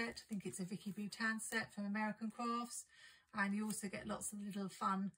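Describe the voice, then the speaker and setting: A woman's voice: mid-range voice, pushed and bright, low-quality recording. A woman chatting casually and enthusiastically as she unboxes and describes craft supplies for her vlog. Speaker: craft and planner vlogger. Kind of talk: casual haul unboxing chat.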